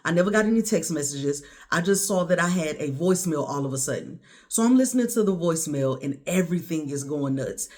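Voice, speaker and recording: A woman recounting a harrowing personal story straight to the camera, her voice climbing high and loud when she relives her own words, then dropping low and quiet. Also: lively intonation, brisk, hardly any pauses. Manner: intense, rising to near-shouts when quoting herself.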